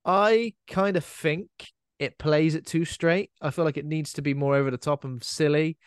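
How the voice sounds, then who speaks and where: A man's voice: fairly high pitch, fairly even intonation, smooth, no echo. Chatty man with a dry sound. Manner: chatty, rambling, quick to laugh. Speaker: podcast co-host. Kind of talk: casual film chat.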